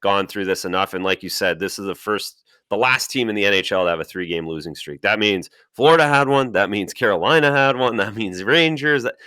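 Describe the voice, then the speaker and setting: Podcast co-host, a man with a low, crisp voice, stammering through casual hockey talk, dry sound. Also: expressive, brisk, few pauses, bright, forceful tone, no echo. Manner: stammers and restarts, repeats words. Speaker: podcast co-host, former player.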